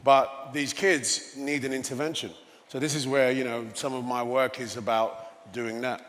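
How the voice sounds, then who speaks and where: A man's voice: mid-range voice, steady tone, moderate pace, fairly bright tone. A man in his fifties with an English accent, a guest telling stories in an onstage conversation and often adding "you know". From England. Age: 50s. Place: conference stage. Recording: long reverb of a large hall.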